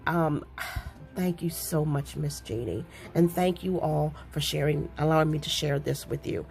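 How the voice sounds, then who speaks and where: Gushing low-voiced woman with a lilt. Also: normal speed, gravelly, faint music behind. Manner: gushing, excitable, repeats herself. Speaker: crafting vlogger. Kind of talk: casual chat to viewers.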